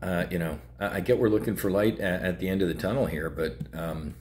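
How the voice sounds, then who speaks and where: A man's voice: sits low, steady tone, fairly quick, a little mellow, a little hiss or hum. A man hosting a trading show, talking bluntly and heatedly with many fillers. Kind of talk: casual market commentary.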